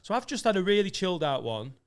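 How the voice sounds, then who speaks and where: Swearing, storytelling comedian, slightly high voice. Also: male voice, sing-song, smooth. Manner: swearing, storytelling, quick asides. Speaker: guest comedian. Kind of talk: casual podcast chat.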